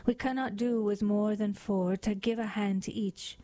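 A woman voicing a pompous, sentimental old male walrus in a radio poetry reading, raising her pitch slightly. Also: fairly even intonation, normal speed, warm tone, lightly acted. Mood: beseeching.

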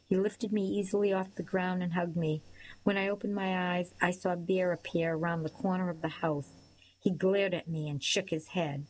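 A woman giving a measured first-person audiobook narration of a story. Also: on the low side, darkish tone, poor audio.

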